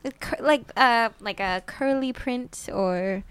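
A woman's voice: on the high side, slow pace, fairly bright tone, clear, resonant tone, no echo. A woman playing a tabletop role-playing game, enthusiastic and giggly. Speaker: player.

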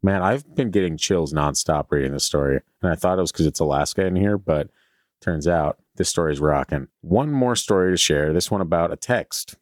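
A man's voice: sits low, normal speed, dry recording, faint music behind. A man hosting a podcast, reading listener stories aloud in a casual, joking way. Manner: jokey, reads aloud with playful asides.

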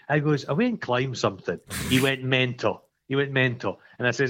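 Sweary, animated Scottish man, lo-fi. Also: medium pitch, moderate pace, few pauses, husky. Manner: sweary, animated storytelling, acts out quarrels. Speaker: podcast co-host. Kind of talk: casual chat.

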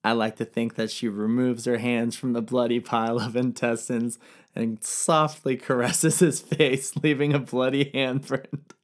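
A man's voice: mid-range voice, flat delivery, measured pace. A young man retelling ancient history as a comedy, slangy and profane. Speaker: narrator.

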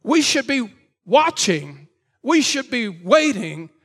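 High-voiced emphatic man preaching. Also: big pitch swings, slow pace, breathy edge. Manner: emphatic and repetitive, rising to shouts then dropping low. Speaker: pastor. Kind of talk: Sunday morning sermon. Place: church service.

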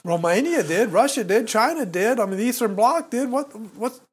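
A man's voice: very high-pitched, expressive, normal speed, breathy edge. A man in his sixties co-hosting a podcast, preaching and exhorting listeners, repeating words when he gets heated. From United States. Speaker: podcast co-host.

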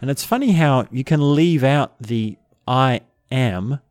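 A man teaching in a slow, reflective way, often repeating short example phrases. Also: mid-range voice, animated, a little mellow, no room sound. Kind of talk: spoken teaching talk.

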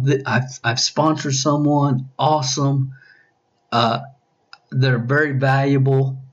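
A male business coach hosts a podcast in a mid-range voice, firing question after question at his listeners. He probes, repeats his questions and restarts sentences often, and the audio sounds dull.

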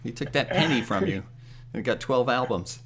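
Brief: male radio host, teasing banter, very animated pitch. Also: normal speed, a little hiss or hum. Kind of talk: casual radio chat.

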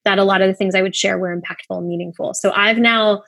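A woman's voice of middle pitch, recorded dry and close with no room sound. She is a guest on a podcast and speaks casually, pausing often as she explains. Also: gravelly, no room sound. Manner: relaxed, many "um" pauses. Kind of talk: casual interview chat.

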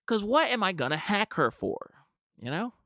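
A man's voice: high-pitched, big pitch swings, normal speed, pushed and bright, a little hiss or hum. A young man telling a comic story with wry, rambling asides. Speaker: comedian. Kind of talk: storytelling comedy monologue.

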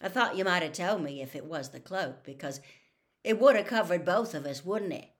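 A woman's voice: on the low side, lively intonation, normal speed, lightly acted. Ron Weasley, sulky sarcastic teen boy read by a woman. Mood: bitter sarcastic. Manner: sarcastic, bitter. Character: resentful sarcastic teenage boy wizard. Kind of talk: storybook reading.

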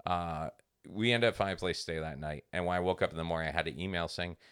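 A man's voice: low voice, steady tone, fast talker, fairly bright tone, smooth. A man in his forties telling a story in casual chat, profane and exasperated, acting out the other people in it. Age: 40s. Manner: profane, exasperated ranting with acted-out quotes. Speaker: comedian podcast co-host.

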